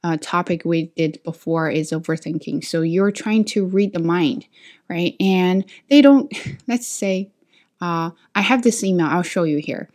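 Lower-pitched woman teacher, self-correcting. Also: darkish tone. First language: not English. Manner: unhurried, self-correcting, frequent restarts. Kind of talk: reflective talk to students.

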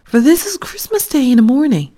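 A woman's voice: high voice, very animated, a little fast, warm tone, pitched above the performer's own voice. A woman voicing a poor, weary old male tailor in a storybook, lamenting in a raised, fretful voice.

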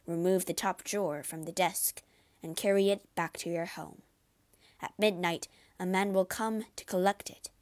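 A man's voice: high-pitched, steady tone, normal speed, close to an everyday voice. A woman voicing a shaken, frightened male doctor who speaks in a trembling voice, in a storybook reading. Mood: storytelling. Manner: trembling, fearful.

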